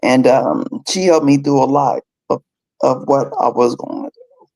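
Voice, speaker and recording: A woman's voice: rumbling low, warm tone, rough recording. A young adult woman sharing personal experiences as a guest on her mother's live talk. She rambles and halts, restarting her sentences often. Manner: rambling, halting, many restarts. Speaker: guest, host's adult daughter.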